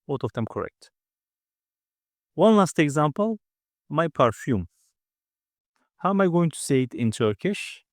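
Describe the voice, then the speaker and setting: A man teaching a grammar lesson, explaining patiently step by step and repeating words slowly. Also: mid-range voice, animated, darkish tone, no echo, clean studio sound. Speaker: language teacher.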